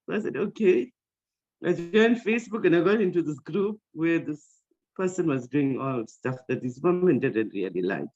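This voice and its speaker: A woman's voice: sits low, lively intonation, moderate pace, darkish tone. A woman sharing a personal story in a meeting, rambling with many fillers and restarts. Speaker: meeting participant. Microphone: video call. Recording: dull lo-fi call audio.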